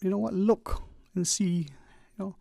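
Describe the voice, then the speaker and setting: Male radio host, mellow gravelly voice, musing monologue with a preachy edge. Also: sits high, steady tone, no room sound, clean studio sound. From Cayman Islands. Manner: conversational, preachy, speeds up and slows down for emphasis. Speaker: radio talk show host. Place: radio studio. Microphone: studio microphone.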